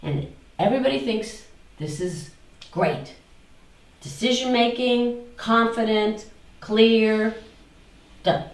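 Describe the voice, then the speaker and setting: A woman's voice: a little high, slow pace, long pauses, roomy sound, recorded from a distance, rough recording. A woman teaching a spiritual talk to a small group, asking them questions and repeating phrases in a singsong.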